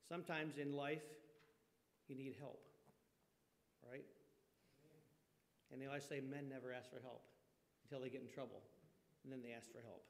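A man preaching a conversational sermon, folksy, often asking his congregation questions. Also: medium pitch. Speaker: pastor. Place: church sanctuary. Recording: long reverb of a church hall.

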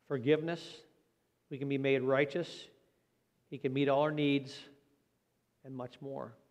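A man's voice: medium pitch, darkish tone. Man preaching in a reverberant church. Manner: earnest, plain-spoken, slows for emphasis. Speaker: pastor. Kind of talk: sermon. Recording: long hall reverb.

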